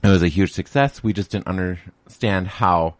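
Low voiced guy, chatty n upbeat, dry close mic. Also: moderate pace, no room sound. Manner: chatty, upbeat, laughs often. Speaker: drag queen guest. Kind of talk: casual radio interview.

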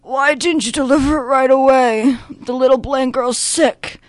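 A sad, grumpy old pharmacist, drunk and raspy, as a woman puts him on. He fires off slurred, accusing questions, the voice pitched well above her own talk and standing back from the mic. The recording is dry and close. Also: fairly even intonation, normal speed, no room sound, lightly acted. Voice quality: raspy, low-pitched on purpose. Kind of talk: radio play acting.

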